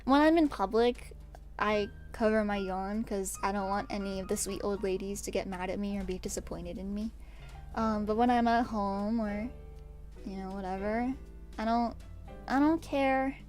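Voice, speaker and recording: Faint music plays behind a young woman from America who streams and ranks pet peeves in casual chat. Her medium-pitched, darkish voice moves at a moderate pace as she rambles, gets exasperated and laughs in bursts.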